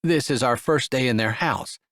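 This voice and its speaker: A man's voice: mid-range voice, moderate pace, gravelly, a bit bright, dry recording, clean studio sound. A man voicing a stern middle-aged aunt who scolds about manners, in an audiobook. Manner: scolding, prim.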